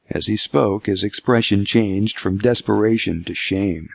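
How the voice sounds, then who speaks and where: A man reading scripted narration for an audiobook in a measured, steady way. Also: lowish voice, vocal fry, no room sound.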